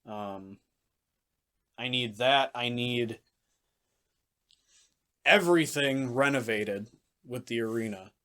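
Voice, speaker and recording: A man talking on a casual sports podcast. His voice sits at an average pitch. He is blunt and ranting and swears freely. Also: takes it slowly, pauses often, pushed and bright. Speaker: podcast co-host.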